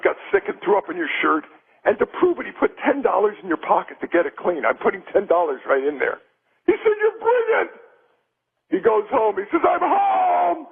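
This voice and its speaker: A man's voice: high voice, vocal fry, husky, heavily acted. A man in character as a brash, self-promoting daredevil showman, bantering and telling jokes on a radio show. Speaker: comedian guest. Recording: muffled radio broadcast.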